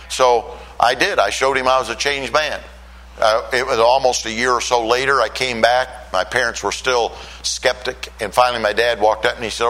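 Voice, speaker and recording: In a rough recording, an older Michigan man delivers a sermon woven with personal testimony about his conversion. His voice is medium in pitch, bright and forceful, and he tells the tale with earnest storytelling that climbs in volume at emotional moments.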